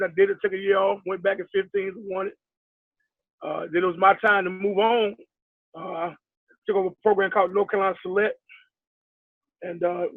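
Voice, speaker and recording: Middle-aged male coach from New York, high voice, rambling storyteller, tinny dry phone line. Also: dry recording. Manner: rambling storyteller, acts out quoted talk, many fillers. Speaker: basketball head coach, guest. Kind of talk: casual storytelling interview.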